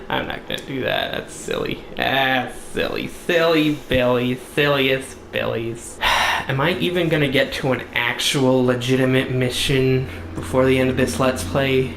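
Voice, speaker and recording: Goofy slow-talking gamer man. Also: medium pitch, expressive, creaky, roomy sound, noisy background. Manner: goofy, joking, puts on silly voices. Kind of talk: let's play commentary.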